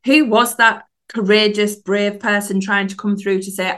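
A woman hosts a solo podcast on mindset, her voice sitting at an ordinary mid pitch. She coaches earnestly and warmly, building her case through a string of rhetorical questions. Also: steady tone, moderate pace, few pauses. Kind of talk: solo motivational podcast talk.

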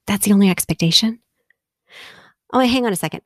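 A woman telling personal stories in a relaxed conversation, laughing often and acting out bits of dialogue as she reflects. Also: fairly low pitch, fast talker, no echo, clean studio sound. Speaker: guest.

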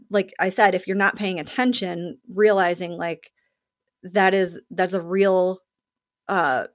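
A woman actor in a casual interview, telling the story of a play in an animated way and acting out other people's lines. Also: medium pitch, dry recording, clean studio sound.

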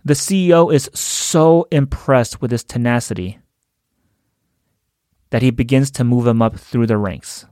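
Brief: man, mid-pitched, casual storyteller who chuckles now and then, close and dry. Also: unhurried, long pauses, a little mellow, smooth, no echo. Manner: conversational, chuckles while telling. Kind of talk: storytelling talk.

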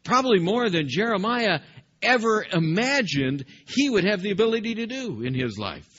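A male pastor delivers an animated sermon and turns often to address his listeners. His voice is fairly high, bright and a little husky. The recording sounds dull and lo-fi. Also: normal speed. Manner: animated, acts out scripture dialogue, addresses the congregation directly.

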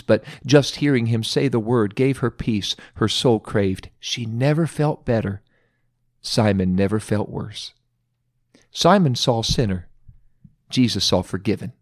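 A man preaching a devotional sermon, pausing for study questions and slowing down to stress key points. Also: lowish voice, dry recording, clean studio sound. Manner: earnest, emphatic, slows down for stress.

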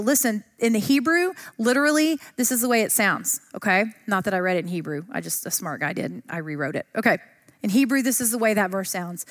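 A woman's voice: mid-range voice, a little fast, fairly bright tone. A woman teaching a Bible study lesson in a chatty, enthusiastic way. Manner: enthusiastic, chatty, uses fillers.

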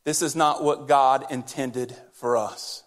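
A man's voice: medium pitch, steady tone, slow. A man preaching a sermon in church, talking directly and conversationally to his congregation as their pastor. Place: church sanctuary during service.

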